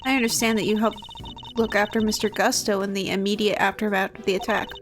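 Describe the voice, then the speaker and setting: A woman voicing a composed, formal male prosecutor who speaks in measured questions. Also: mid-range voice, level tone, lightly acted.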